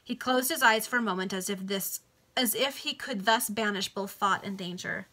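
A woman's voice: mid-range voice, moderate pace, pushed and bright. A woman casually reading a classic novel aloud over a video call, stopping to explain the text in chatty asides. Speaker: reader.

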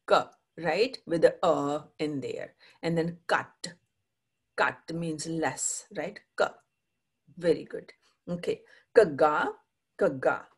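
A woman teacher leads a pronunciation lesson in a low, slightly husky voice. She models each sound, has students repeat it, and keeps checking understanding with a quick "right?". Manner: patient, drills pronunciation with repeat-after-me prompts. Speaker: Punjabi language teacher. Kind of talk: classroom language lesson.

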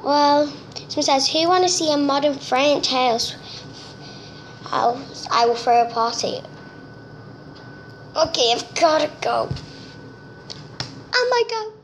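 High-voiced chatty young female gamer. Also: slow, pauses often, slight background noise. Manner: chatty and excitable, nervous. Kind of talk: casual gameplay commentary. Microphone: phone screen-recorder mic.

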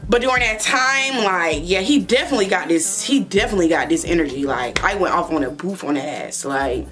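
A young woman vlogger telling a storytime in a blunt, profane, animated way, laughing often. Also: on the low side, brisk, faint music behind. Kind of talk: storytime chat.

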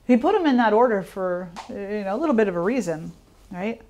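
Calm, questioning woman yoga teacher. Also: mid-range voice, fairly quick. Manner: calm, reflective, asks the listener questions. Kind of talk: informal teaching talk.

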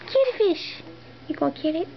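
A woman's voice: extremely high pitch, very animated, fairly quick, gravelly, slight background noise. A woman filming her cat at home, talking to it in sing-song baby talk and meowing at it, on a dull, lo-fi home video. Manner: sing-song, playful, meows and woofs at the cat. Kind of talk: cooing baby talk to a pet.

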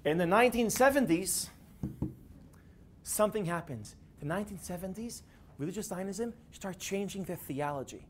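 A man giving a classroom lecture, animated and building to emphatic peaks. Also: high voice, normal speed, a little hiss or hum.

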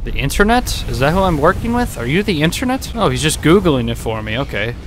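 A man's voice: fairly high pitch, big pitch swings, fairly quick, slight background noise. A young man giving sarcastic, swearing let's-play commentary as a gaming YouTuber. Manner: sarcastic, swears, jokes at the game.

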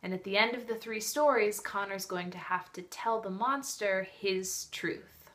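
A woman's voice: mid-range voice, unhurried, hardly any pauses, fairly bright tone. A woman talking in a casual vlog review, gushing and emotional as she chats about a book she loves.

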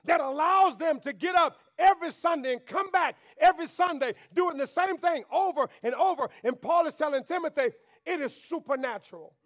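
High-voiced preacher, shouting and hushing. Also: male voice, brisk, few pauses. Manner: preaching with call-and-response, swings between shouting and quiet. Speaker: pastor. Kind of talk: sermon. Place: church sanctuary.

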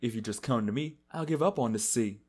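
A man's voice: mid-range voice, fairly quick, a little mellow, breathy edge, lightly acted. A man voicing a smug, manipulative male villain who coaxes and mocks. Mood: coaxing. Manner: mocking, coaxing, laughing.

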